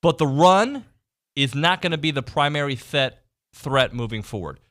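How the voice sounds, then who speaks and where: A man hosting a casual sports talk radio show, animatedly reading out team stats and quizzing his co-host. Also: on the high side. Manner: animated, reads stats off quickly. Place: radio studio.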